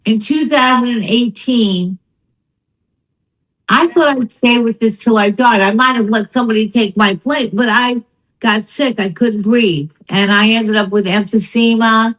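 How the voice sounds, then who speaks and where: A woman's voice: fairly high pitch, unhurried, poor audio. An older woman telling her story as a guest in a casual conversation, acting out the people she quotes. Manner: animated storytelling, acts out quotes. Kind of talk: casual chat.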